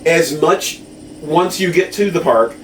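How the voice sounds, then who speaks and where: This podcast co-host takes his time, his voice on the high side with lively intonation, rambling through casual chat full of fillers and "right?". Audio comes from a distant mic in an echoey room with slight background noise.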